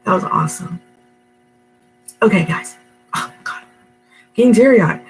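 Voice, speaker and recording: A woman's voice: lowish voice, steady tone, a little slow, a bit bright, rough recording. Middle-aged lady vlogging at home, chatty and emotional, faint music and hum behind. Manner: chatty, emotional, many fillers and restarts. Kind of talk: casual rambling monologue to camera. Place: her home, indoors.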